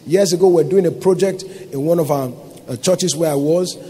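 A man's voice: on the high side, brisk, mellow, husky. A man preaching a sermon as pastor, emphatic, with many rhetorical questions.

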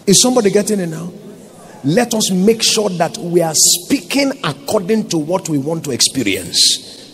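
Emphatic preacher, high voice. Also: male voice, sing-song, moderate pace, slight background noise. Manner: emphatic preacher, rhetorical questions. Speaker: pastor. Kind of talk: sermon.

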